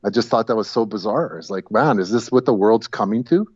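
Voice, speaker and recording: A man's voice: on the low side, no room sound. A man chats casually as a guest over a call, stumbling and repeating words as he goes. His audio sounds dull and muffled, and completely dry with no room sound. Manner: halting, repeats words, chuckles at own jokes. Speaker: guest caller. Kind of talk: casual chat. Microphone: video call.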